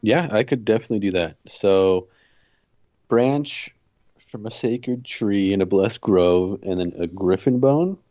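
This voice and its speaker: A man's voice: lowish voice, measured pace, warm tone, dry recording, highs cut off. A man playing his character in a tabletop game, casual and thoughtful. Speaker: player. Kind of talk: in-character tabletop role-play.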